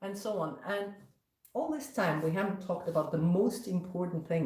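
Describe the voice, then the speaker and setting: A woman's voice: lowish voice, normal speed, mellow, soft background music. A woman teaching violin in a live-streamed lesson, patiently explaining step by step between passages she plays. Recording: roomy echo, violin playing around speech.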